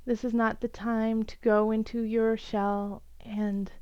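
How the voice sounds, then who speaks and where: A woman's voice: on the high side, level tone, takes it slowly, smooth, no room sound, dull audio. A woman giving an earnest, encouraging tarot reading for each zodiac sign, with many fillers and restarts. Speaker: tarot reader.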